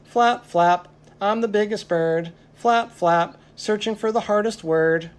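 A storyteller voicing a huge, excitable male purple bird in a children's story, with a bouncy sing-song chant. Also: medium pitch, takes it slowly, close to an everyday voice.

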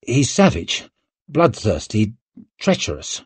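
A man's voice: on the low side, huge pitch swings, takes it slowly, a little mellow, breathy edge, no room sound, heavily acted. A man voicing a brash young male lord and war hero, blunt and boastful.

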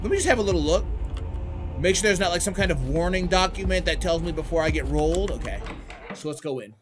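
Animated man shouting through a horror game. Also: high voice, fast talker. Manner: animated, crude, bursts into shouting when startled. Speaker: gaming YouTuber. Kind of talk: let's play commentary. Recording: game music playing behind.

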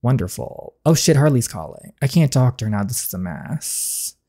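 She narrates an interactive story game and responds to it, keeping her own voice for every role and shooting up high and loud in reaction. Her pace is moderate, her intonation lively.

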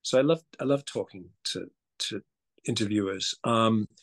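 Low-ish and gravelly, this male actor's voice moves at normal speed through a relaxed interview chat where he's the guest. His mixed accent carries some Australian, and he's animated, often restarting with a stammer, laughing, and doing impressions of voices.

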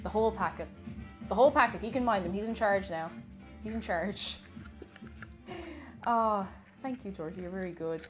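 A woman's voice: medium pitch, moderate pace, long pauses, music in the background. A young woman chatting cheerfully on a live stream while baking, greeting viewers and repeating her phrases.

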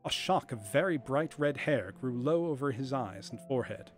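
Expressive male storyteller over soft music. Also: medium pitch. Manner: expressive, measured reading. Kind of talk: reading a classic story aloud on a livestream.

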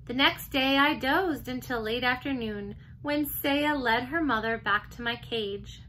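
A teacher reading a children's chapter book aloud, gentle and expressive. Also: female voice, high-pitched, unhurried, a little hiss or hum, low-quality recording. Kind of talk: storybook read-aloud.

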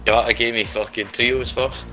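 Scottish man, stoned, animated swearing storyteller, music in background. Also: medium pitch, a little fast. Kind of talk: casual gaming chat.

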